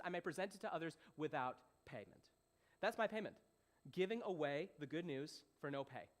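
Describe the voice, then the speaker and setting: A young man teaching a Bible passage as a young adults pastor, conversational and animated, often repeating himself and checking if listeners follow. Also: a little high. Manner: animated, repeats phrases, asks "does that make sense".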